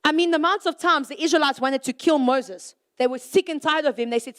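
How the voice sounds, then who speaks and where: A young adult woman with a high voice delivers a sermon-style talk to a youth audience. She stays conversational and animated, posing rhetorical questions and slipping into quick acted-out scenes.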